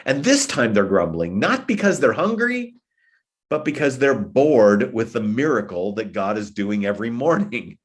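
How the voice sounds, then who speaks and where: Animated man giving a sermon-style talk. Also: mid-range voice, normal speed. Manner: animated storytelling, acting out quoted voices. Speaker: guest speaker at a church meeting.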